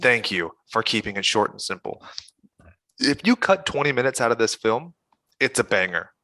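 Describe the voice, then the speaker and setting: A man's voice: medium pitch, expressive, normal speed, bright, forceful tone, no echo. A man co-hosting a podcast in casual chat, blunt, enthusiastic and freely profane. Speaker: podcast co-host.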